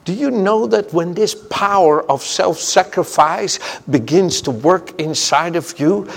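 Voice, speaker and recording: A man preaching a sermon, fervent and emphatic, weaving personal stories into his message. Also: on the high side. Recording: long reverb of a large hall.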